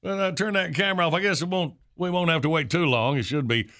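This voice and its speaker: A man's voice: fairly high pitch, fast, a bit bright, a little hiss or hum. A man hosting a morning radio comedy show, easygoing and laughing as the straight man.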